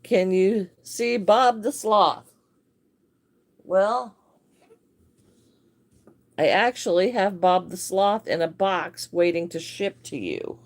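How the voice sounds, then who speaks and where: A woman's voice: medium pitch, animated, slow, pauses often. A woman hosting a casual crochet livestream, chatting and greeting viewers by name with frequent laughs.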